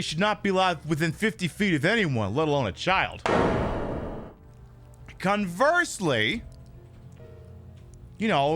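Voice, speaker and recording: A man streaming a video game and chatting with viewers in a sarcastic, profane, animated way. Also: high-pitched. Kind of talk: casual live-stream chat.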